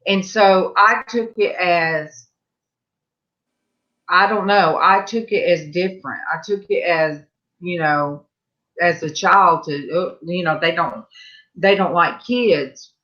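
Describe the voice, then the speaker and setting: A woman hosting a live stream, chatting casually with viewers in a slow, rambling way. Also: on the low side, a bit bright. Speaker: livestream host. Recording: muffled lo-fi audio.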